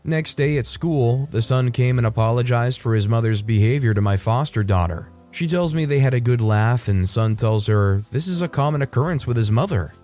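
Male narrator, mellow tone, steady conversational reading of stories, faint music under. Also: medium pitch, moderate pace, hardly any pauses. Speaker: story narrator. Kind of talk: reading online stories aloud.

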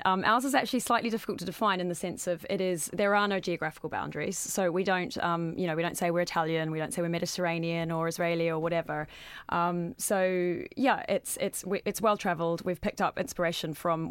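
A woman in her thirties talks about her restaurants in a relaxed, enthusiastic way, dotting her speech with ums. Her voice sits fairly low and sounds close and dry, with no room echo. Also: clear, resonant tone. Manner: chatty, enthusiastic, frequent ums. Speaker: restaurant owner. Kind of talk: casual interview chat.

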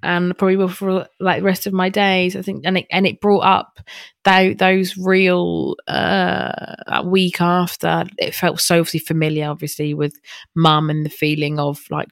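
A woman's voice: low voice, gravelly, a bit bright, dry recording, studio quality. A young woman hosting a podcast, talking candidly and from the heart in a chatty way, with lots of fillers, restarts and some casual swearing. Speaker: podcast host. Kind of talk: candid personal podcast monologue.

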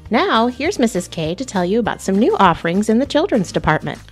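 Animated woman reading a picture book. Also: medium pitch, brisk, soft background music. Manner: animated, theatrical, with playful shouts and whispers. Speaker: children's librarian reading aloud. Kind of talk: storytime read-aloud with character voices.

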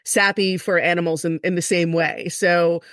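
A woman's voice: fairly low pitch, little pitch movement, moderate pace, a bit bright, no room sound, studio quality. A woman hosting a podcast, chatting casually with a wry, playful manner. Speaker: podcast host. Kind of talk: casual interview chat.

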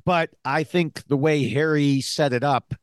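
A man co-hosting a podcast, building his points in short, halting bursts. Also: fairly high pitch, clear, resonant tone, no echo, studio quality. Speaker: podcast co-host. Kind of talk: casual discussion.

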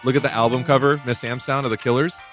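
A man's voice: mid-range voice, steady tone, quick pace, a bit bright, soft background music. A man hosting a podcast, chatting casually and rambling with restarts and self-mocking jokes. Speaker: podcast host.

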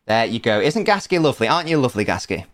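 A man's voice: medium pitch, sing-song, very fast. A young man hosting a podcast quiz segment in a casual, playful, teasing way, often laughing. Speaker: podcast host running a quiz.

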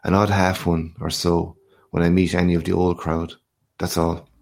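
A man reading aloud and voicing a timid, modest man with quiet, reserved replies, low and gravelly. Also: level tone, moderate pace.

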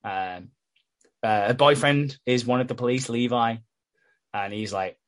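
A man talks through a soap episode in loose, chatty podcast fashion. He swears freely, laughs often and drops into quoted voices for the characters. His voice sits at an ordinary middle pitch. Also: measured pace. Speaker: podcast co-host recapping a soap. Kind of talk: casual chat.

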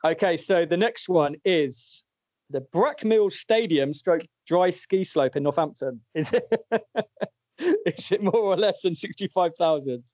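A man's voice: high voice, expressive, measured pace, a little mellow, no room sound. Jokey man hosting a quiz. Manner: jokey, laughs often while reading out answers. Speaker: podcast host and quizmaster. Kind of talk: casual podcast chat, running a quiz. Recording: dull lo-fi dry audio.

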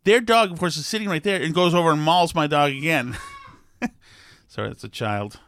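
A man's voice: fairly high pitch, normal speed, fairly bright tone. A middle-aged man telling a rambling, wry story in a casual monologue, exasperated and digressive.

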